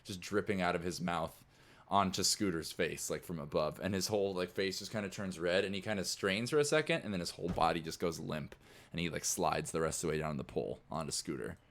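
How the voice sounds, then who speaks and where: A man's voice: deep voice, a little fast, fairly bright tone. A man narrating as game master of a tabletop game, telling the scene in a loose, rambling way. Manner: loose, rambling storytelling full of "like".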